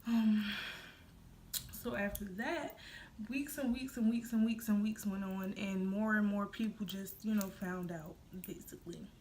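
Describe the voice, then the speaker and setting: A woman's voice: mid-range voice, measured pace, a little mellow, slight background noise. A young woman from the United States telling a casual storytime vlog into her phone, chatty and rambling, talking straight to her viewers. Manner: chatty and rambling, full of fillers, addresses viewers directly. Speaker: vlogger.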